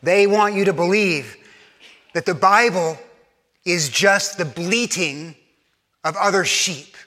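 A man preaching a sermon in earnest, pressing hard on key points and then dropping to a hushed, soft voice. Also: high-pitched, takes it slowly, in a large hall. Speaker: pastor.

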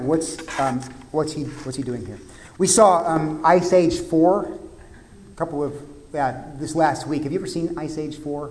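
A pastor preaches in a casual, conversational way, full of fillers and questions put to the listeners. His voice sits a little high for a man. The sound carries a long reverb, as in a large hall. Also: darkish tone. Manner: conversational, asks the congregation questions, many fillers. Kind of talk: sermon.

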